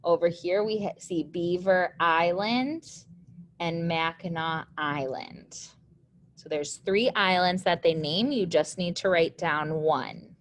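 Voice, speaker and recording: A woman's voice: fairly low pitch, slow, slight background noise. A young woman, teaching a recorded lesson patiently, step by step.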